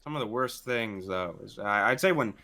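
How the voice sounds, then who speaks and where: A man's voice: fairly low pitch, animated, normal speed, bright, forceful tone. A man co-hosting a casual podcast, telling work stories in a rambling way, swearing often and restarting his sentences. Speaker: podcast co-host. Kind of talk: casual chat.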